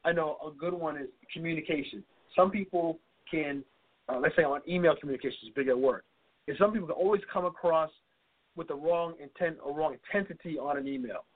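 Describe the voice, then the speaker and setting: A man's voice: fairly high pitch, a little fast. A man co-hosting a casual self-help talk, thinking aloud and walking through advice step by step. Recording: phone-like narrow audio.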